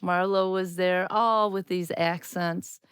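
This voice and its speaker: Midwestern-raised woman host, friendly chatter, smooth resonant tone, dry studio sound. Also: fairly low pitch, steady tone, slow, no room sound. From Wisconsin, US. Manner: chatty, laughs often, many fillers like you know. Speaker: podcast host, former teacher. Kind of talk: casual interview chat.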